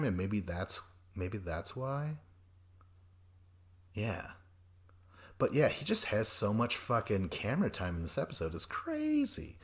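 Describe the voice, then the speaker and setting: A man hosting a podcast, recapping a reality show in a rambling, profane way and acting out quoted people in quick voices. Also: fairly low pitch. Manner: rambling and profane, jumps between notes. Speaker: podcast host.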